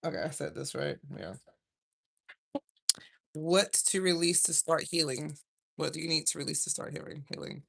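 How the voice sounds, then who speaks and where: A woman's voice: low-pitched, normal speed, vocal fry, pauses often, a bit bright. A woman giving a casual, rambling tarot reading on a livestream, often breaking off mid-thought. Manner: rambling, chatty, self-interrupting. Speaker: tarot reader.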